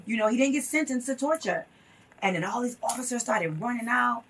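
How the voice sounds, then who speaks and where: A woman's voice: on the high side, expressive, fairly quick, a bit bright, recorded from a distance, a little hiss or hum. A woman guest telling a story in an interview, earnest and impassioned, repeating phrases for emphasis.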